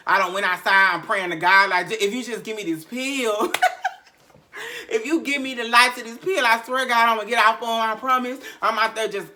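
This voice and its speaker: A podcast host from Memphis, Tennessee, delivers a candid storytelling monologue in a bright, high-pitched male voice. He recounts a raw story emotionally, swearing, repeating himself, and sighing heavily.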